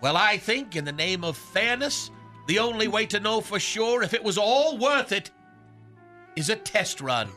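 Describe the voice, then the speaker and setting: A man's voice: high voice, big pitch swings, measured pace, sharp tone. A male radio host delivering a mock-dramatic, snarky roast, chuckling through his lines. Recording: music bed behind.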